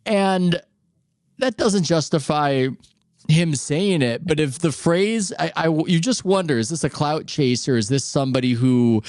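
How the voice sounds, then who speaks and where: A man hosting a casual talk show, measured, thinking aloud and raising questions. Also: a little high, expressive, a little mellow, dry recording, studio quality. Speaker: podcast host. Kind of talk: casual conversation.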